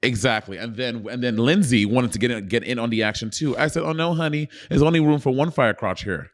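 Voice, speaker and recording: A man's voice: medium pitch, fairly quick, close to an everyday voice. A man playing a brash, crude bragging actor. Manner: boastful, crude, playfully outrageous. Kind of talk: improvised interview bit.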